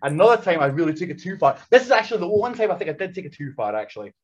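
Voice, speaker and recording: A man tells a loud, sweary story on a podcast and acts out what people said. His voice is husky and a little high, with very lively swings in pitch. The recording sounds dull and lo-fi. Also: rapid-fire. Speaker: podcast guest. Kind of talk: animated storytelling.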